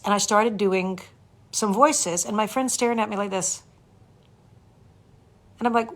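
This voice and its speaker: A woman from Canada, a voice actor and coach, chatting casually with fans on a livestream and thanking viewers by name. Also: moderate pace. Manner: animated, jumps up in pitch for emphasis.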